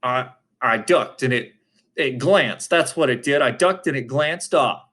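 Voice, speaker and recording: A man reading aloud, voicing a poor young woman on the witness stand, defensive and shrill. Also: a little slow, pushed and bright. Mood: flustered.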